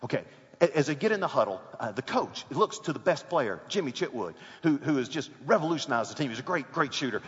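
A man preaching a sermon, telling a sports story with rising excitement and shouts. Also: mid-range voice, quick pace, big-room sound, lo-fi sound.

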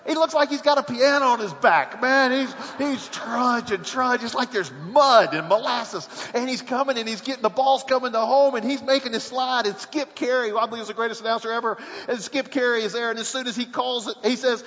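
High-voiced man preaching in a hall. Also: a little fast, few pauses, lo-fi sound. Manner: storytelling, building to excited shouts. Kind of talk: sermon.

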